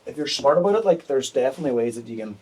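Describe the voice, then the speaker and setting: A man's voice: mid-range voice, lively intonation, very fast, crowd noise. A man in his thirties, a podcast guest talking openly and frankly, with plenty of fillers and restarts. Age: 30s. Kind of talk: candid podcast conversation.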